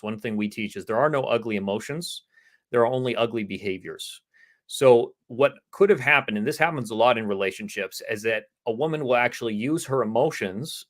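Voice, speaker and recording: A man co-hosting a dating advice show, earnestly explaining relationship ideas and answering viewer questions. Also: medium pitch. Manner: earnest, explanatory, quotes women's pleas in a softer voice. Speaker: dating coach co-host.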